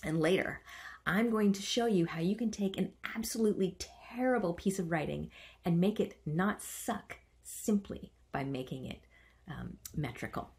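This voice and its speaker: A woman's voice: lowish voice, normal speed, a little mellow. A woman teaching a writing workshop. She chants the stressed beats aloud and adds playful, self-mocking asides. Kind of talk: online writing lesson.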